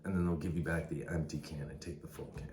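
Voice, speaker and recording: Casual male hiker storyteller, very deep voice, rambling delivery, echoey room. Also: fairly even intonation, quick pace, a little mellow, a little hiss or hum. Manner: rambling, says "man" and "dude" constantly. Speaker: hiker vlogger.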